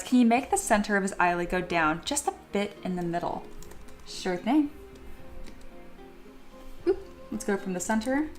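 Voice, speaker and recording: A young woman chatting casually on her sculpting livestream, reading viewer comments aloud and laughing often. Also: medium pitch. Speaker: 3D sculpting streamer.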